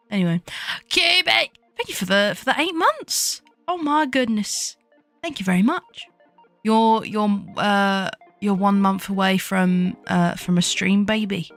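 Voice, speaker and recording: Giggly woman, slow chatter. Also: medium pitch, fairly bright tone, no room sound. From United Kingdom. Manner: giggly, swears freely, self-mocking. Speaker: VTuber streamer. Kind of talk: casual chat while drawing on stream.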